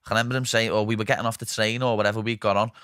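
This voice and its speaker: A young man with a Liverpool Scouse accent hosting a podcast, telling stories in lively, sweary casual chat full of "lad". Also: lowish voice, racing, dry recording, studio quality. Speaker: podcast host. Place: podcast studio.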